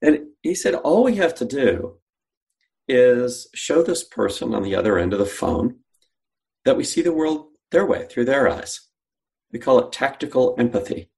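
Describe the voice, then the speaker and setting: A man's voice: mid-range voice, big pitch swings, moderate pace, creaky, darkish tone. A man, a guest on an interview, telling a story and acting out the dialogue he quotes. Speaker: guest, sales company founder.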